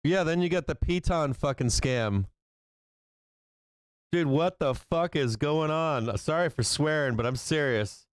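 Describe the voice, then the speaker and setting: Male market-stream host, swears freely, laughs in disbelief; smooth voice, dry close mic. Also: a little high, unhurried, no echo. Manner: profane, incredulous, laughing often. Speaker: stock market livestream host. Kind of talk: live market commentary.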